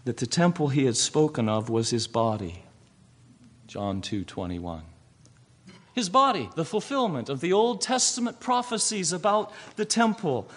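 Guy preaching a sermon, kinda high voice that swings all over, tosses out questions. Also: a little slow. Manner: animated preaching with rhetorical questions.

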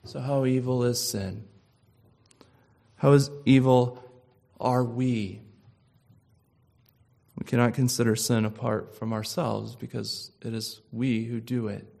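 A middle-aged man delivers a sermon at an unhurried, deliberate pace. His preaching is emphatic and climbs to loud, impassioned peaks. His voice sits at an ordinary male pitch. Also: steady tone, creaky.

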